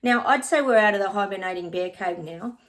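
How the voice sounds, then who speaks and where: Here is a woman giving a chatty psychic reading to her viewers. She talks at a middle pitch, loose and friendly, calling everyone guys. She hums snatches of songs between her points. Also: brisk. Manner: breaks into short bits of song and laughs often. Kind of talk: casual psychic reading to camera.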